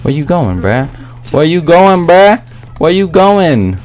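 Excitable young man giving lively gameplay commentary. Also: on the high side, slow pace, faint music behind. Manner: slangy, excitable, rambling trash talk. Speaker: gaming YouTuber.

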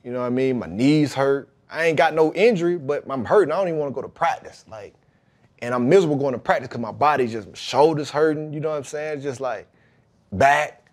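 A man's voice: medium pitch, quick pace. A man, a podcast guest, telling a personal story in casual, slang-heavy talk and acting out the quoted dialogue. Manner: animated, acts out quoted dialogue; relaxed slang-heavy talk with frequent "you know what I mean". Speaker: podcast guest, pro football player.

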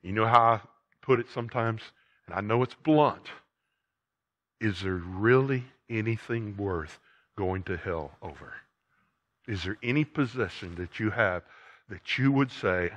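An older man preaching a sermon as a pastor, folksy and emphatic, rising loud and dropping low. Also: a little slow.

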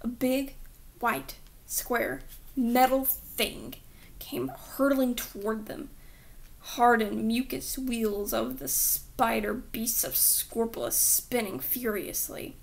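A woman's voice: fairly high pitch, takes it slowly, creaky. A woman reading a children's book aloud with dramatic storytelling that dips into whispers.

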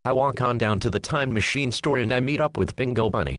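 A young man playing a crude, lewd male penguin-like bird creature, telling a comic story in the first person with a deadpan delivery. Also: medium pitch, a little fast, slight background noise, close to an everyday voice. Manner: deadpan crude narration, breaking into giggles.

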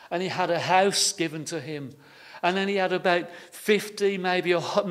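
A man preaching a sermon, telling stories in a homely way and often repeating his words. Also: sits high. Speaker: pastor. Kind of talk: sermon with storytelling.

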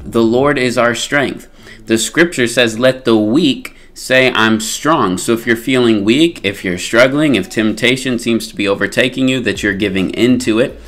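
Earnest low-voiced man preaching a devotional. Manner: slow, earnest, reads scripture aloud. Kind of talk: devotional sermon. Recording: soft music bed behind voice.

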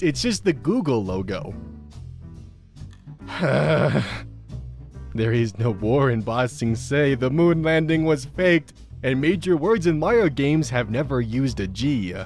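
A man's voice: medium pitch, darkish tone. An American man hosting, reading funny posts aloud in a casual comedic way, often breaking into laughter.

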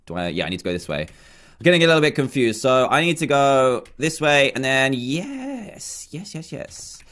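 A man's voice: medium pitch, lively intonation, brisk, a bit bright, clear, resonant tone. A young man commentating his own game play, chatty, self-mocking and easily flustered. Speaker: gaming YouTuber.

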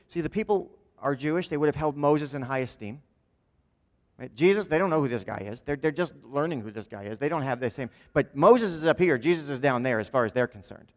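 A man's voice: fairly high pitch, lively intonation, fast talker. Conversational male pastor in a reverberant church. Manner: conversational, often asks "right?"; acts out quoted speakers in changed voices. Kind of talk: sermon. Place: church sanctuary.

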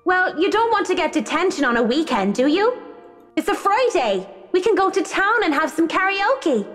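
An anxious, very high Irish schoolgirl. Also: sing-song, normal speed, fairly bright tone, exaggerated voice. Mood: pleading. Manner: pleading, anxious. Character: timid, fretful teenage schoolgirl. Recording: game audio with long reverb and faint music.

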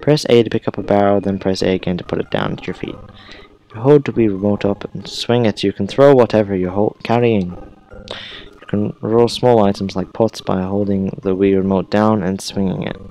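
A man's voice: fairly low pitch, fairly even intonation, brisk, dark tone, slight background noise, lightly acted, rough recording. A man voicing a skinny, eager young male student in an odd put-on accent, reading game dialogue aloud.

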